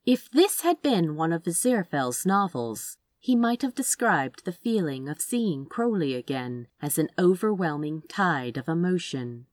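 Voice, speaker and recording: A woman reading a story aloud in expressive, measured audiobook narration. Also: on the low side, a little hiss or hum. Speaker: reader.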